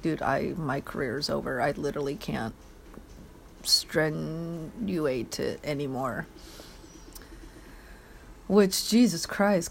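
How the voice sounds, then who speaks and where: A woman's voice: fairly low pitch, gravelly, a little hiss or hum. A woman hosting a solo podcast, rambling bluntly and swearing a lot as she eats. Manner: eating while talking. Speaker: podcast host.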